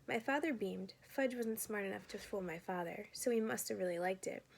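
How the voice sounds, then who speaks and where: A woman, a teacher, reading a children's chapter book aloud in a steady, clear storytelling voice. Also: mid-range voice, brisk.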